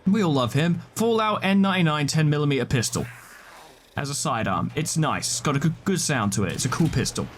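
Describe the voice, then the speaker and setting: A man rambling casually as he commentates a video game list, tossing out quick offhand verdicts and the odd swear. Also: a little high, lively intonation, slight background noise. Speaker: gaming video creator.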